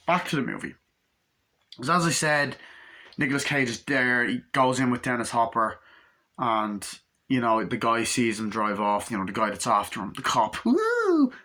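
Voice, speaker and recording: A man's voice: medium pitch, lively intonation, normal speed, pushed and bright. A man giving a casual, rambling movie review, talking loosely, restarting often and swearing freely.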